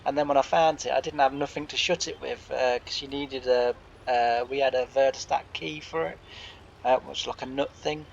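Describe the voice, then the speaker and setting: A man's voice: mid-range voice, steady tone, normal speed, vocal fry, muffled recording, slight background noise. A man who hosts a farming game channel, telling a long, meandering farm story full of reported speech. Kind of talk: rambling anecdotal storytelling.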